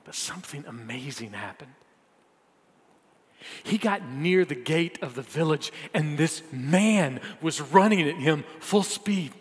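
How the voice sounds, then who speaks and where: A man preaching a sermon, telling a story with dramatic swings between loud and hushed delivery. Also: a little high, expressive, measured pace, big-room sound.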